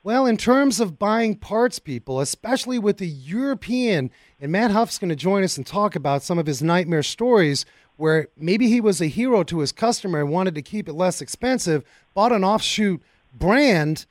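High-pitched guy hosting car radio, folksy and excitable, dry studio sound. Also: normal speed, no room sound. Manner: excitable, folksy, talks to listeners directly. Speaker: radio show host. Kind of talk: casual radio talk. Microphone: studio mic.

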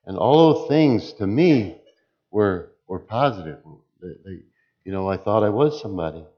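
A man with a very low voice gives a personal testimony in church. He talks slowly and with care, weighing each word. The recording sounds dull and slightly lo-fi. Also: animated. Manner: slow, deliberate speech. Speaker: church deacon.

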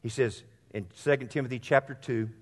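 A man's voice: mid-range voice, fairly even intonation, a little fast. A man preaching a sermon as pastor, earnest and direct with his congregation, repeating phrases for emphasis. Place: church sanctuary. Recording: long hall reverb.

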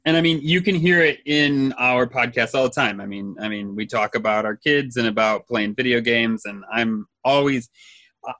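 Bright-voiced chatty man on a podcast. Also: mid-range voice, no echo. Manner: chatty, laughs easily, trails off. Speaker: podcast co-host. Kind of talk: casual podcast chat.

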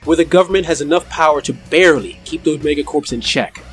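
A man's voice: a little high, fast, faint music behind. Man narrating a tabletop game. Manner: dramatic scene-setting narration. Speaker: game master.

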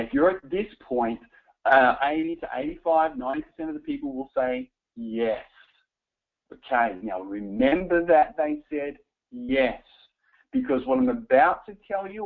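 Lively man coaching a sales crowd, tinny sound. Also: a little high. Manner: animated, coaching, addresses audience directly. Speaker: sales trainer. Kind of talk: live sales training talk. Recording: tinny phone-like recording. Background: audience present.

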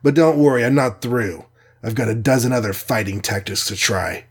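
A man's voice: mid-range voice, moderate pace, husky, lightly acted. A man voicing a cocky, armored male superhero in a storybook reading, talking brashly and cheerfully. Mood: determined.

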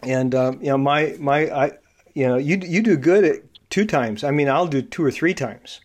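A male podcast host who explains personality traits in a coaching tone, with frequent fillers and restarts. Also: a little high. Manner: halting, many fillers and restarts. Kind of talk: casual interview.

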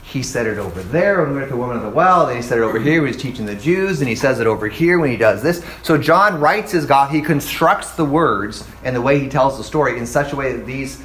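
A middle-aged man casually teaching a Bible study, animated and acting out quoted voices. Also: medium pitch, fast talker, few pauses, a little hiss or hum, low-quality recording.

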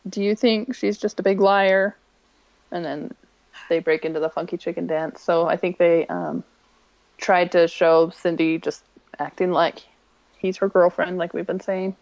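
A woman's voice: on the low side, fairly even intonation, a little slow, no echo, lo-fi sound. A woman co-hosting a podcast, casually recapping a TV episode and quoting lines from it, with plenty of ums. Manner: chatty retelling with many ums, quoting lines in a brighter voice. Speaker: podcast co-host.

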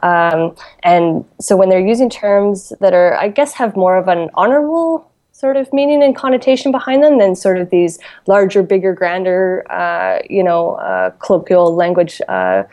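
A woman's voice: lowish voice, lively intonation, moderate pace, few pauses, mellow. A Canadian woman chatting as an interview guest, laughing often and full of fillers and restarts. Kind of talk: casual interview chat.

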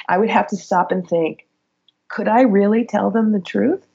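A middle-aged woman, a guest in an interview, telling work stories in an animated way and laughing as she goes. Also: mid-range voice, normal speed, vocal fry, breathy edge, dull audio. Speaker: guest, former HR executive. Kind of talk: conversational interview storytelling.

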